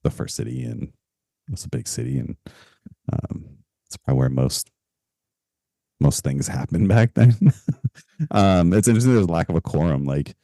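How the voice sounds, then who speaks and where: Casual male co-host, low mellow voice, easygoing, lots of fillers; dry close recording. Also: moderate pace, creaky, long pauses, no room sound. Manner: relaxed, chatty, many fillers and laughs. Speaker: podcast co-host. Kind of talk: casual podcast chat.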